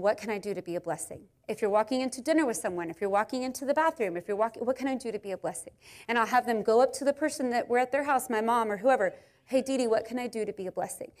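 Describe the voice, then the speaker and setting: Chatty high-voiced woman telling stories. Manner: chatty, animated storytelling with frequent fillers. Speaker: speaker at a church gathering. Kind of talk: conversational sermon with family stories.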